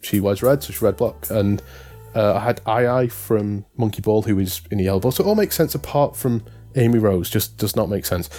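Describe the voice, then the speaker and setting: A man in easy podcast chat, his voice sitting fairly low. He rambles through his points and keeps correcting himself along the way. Faint music plays underneath. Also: brisk, mellow. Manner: rambling, self-correcting, amused. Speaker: podcast co-host. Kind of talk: casual chat.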